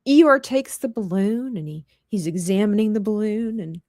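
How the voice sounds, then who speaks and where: A woman's voice: medium pitch, moderate pace, dry recording, studio quality. A woman in casual chat, animatedly retelling a storybook tale and laughing as she goes. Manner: animated storyteller who acts out lines with laughter. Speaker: podcast co-host.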